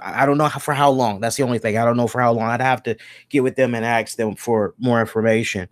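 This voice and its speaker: A man's voice: mid-range voice, fairly even intonation, fast, no room sound, clean studio sound. A man co-hosting a podcast, telling a long personal story in a rambling, casual way, correcting himself and swearing now and then. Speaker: podcast co-host.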